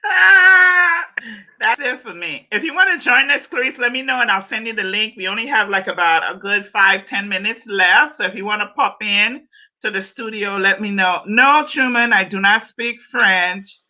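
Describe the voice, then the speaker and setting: Bright-voiced woman hosting a podcast. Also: mid-range voice, moderate pace. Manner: animated, playful, repeats herself. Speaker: podcast host. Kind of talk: casual livestream chat. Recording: dull lo-fi sound.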